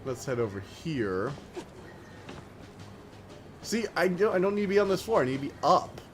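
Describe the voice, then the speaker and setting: A man's voice: a little high, big pitch swings, moderate pace, over music. An American man chatting loosely as he streams a game, rambling with lots of filler words. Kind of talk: casual let's-play commentary.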